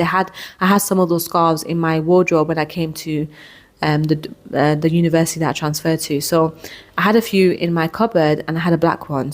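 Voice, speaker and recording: A young adult woman hosting a podcast, telling a personal story in an earnest, emotional way with quick restarts and repeated words. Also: lowish voice. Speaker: podcast host.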